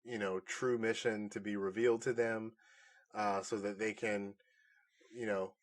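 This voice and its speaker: Rambling, animated male podcast co-host. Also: fairly low pitch, unhurried. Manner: rambling, animated, laughs often. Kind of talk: casual movie review chat.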